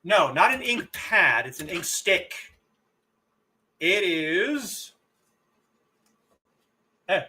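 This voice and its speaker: A man's voice: sits high, big pitch swings, very slow, long pauses, pushed and bright. A middle-aged man casually bantering with his chat while livestreaming a game. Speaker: livestream gamer.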